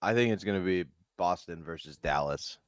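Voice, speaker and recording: A man's voice: low voice, normal speed, no room sound. A man co-hosting a casual morning chat, offering dry, laid-back remarks.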